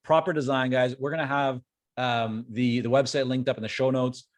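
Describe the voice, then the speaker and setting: A man's voice: mid-range voice, fairly even intonation, normal speed. Canadian male podcast host, friendly, easygoing wrap-up delivery. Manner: friendly, wraps up with show-notes plugs. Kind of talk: casual interview conversation.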